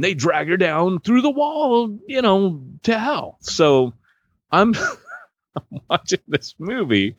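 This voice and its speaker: A man's voice: a little high, no echo. A man in his forties, a podcast co-host telling a story in casual chat and acting out the voices. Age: 40s. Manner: animated storyteller, acts out voices.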